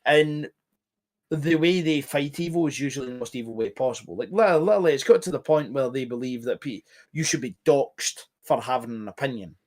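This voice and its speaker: A man's voice: medium pitch, brisk, a little mellow. A man talking as a guest in casual podcast chat, swearing often and rambling emphatically.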